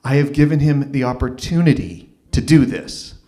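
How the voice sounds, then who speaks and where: Male open mic storyteller, wry self-deprecating delivery, halting restarts, stage mic. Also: medium pitch, steady tone, warm tone. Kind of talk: live storytelling set. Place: small arts venue stage.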